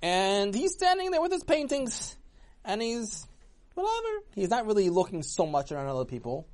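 Man, storyteller, casual spoken tale, animated, swooping pitch, fairly high voice. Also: normal speed.

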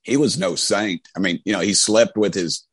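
Here a husky, low-voiced middle-aged man talks at normal speed over dry audio. He's a congressman from Knoxville, Tennessee, with an East Tennessee Southern accent, guesting on a casual interview where he spins folksy stories, rambling and often starting over.

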